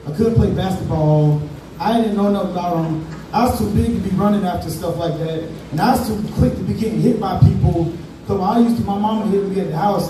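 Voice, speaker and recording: A man's voice: high voice, noisy background. A man doing a stand-up comedy set, telling a story with casual Southern US slang. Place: comedy club stage. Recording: echoey room from far off, crowd.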